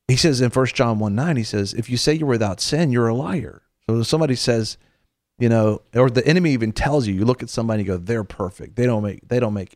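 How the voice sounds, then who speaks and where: Earnest lower-voiced male preacher, dry sound. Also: darkish tone, no room sound. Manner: earnest, conversational, with repeated restarts. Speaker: Christian show host. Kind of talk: preaching talk-show segment.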